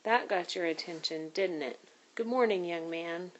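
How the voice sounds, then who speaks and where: A woman's voice: on the low side, moderate pace, dull audio, natural voice. A woman voicing a caring, scolding grown woman in a read-aloud storybook. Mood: warm. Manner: fussing and motherly.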